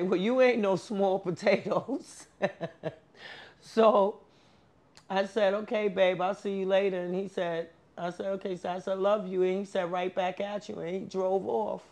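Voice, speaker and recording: A woman's voice: mid-range voice, steady tone, normal speed, darkish tone. A woman interviewed for a documentary, talking in a conversational, plain-spoken way and often adding "you know". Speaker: victim's widow, interviewee. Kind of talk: documentary interview, personal storytelling.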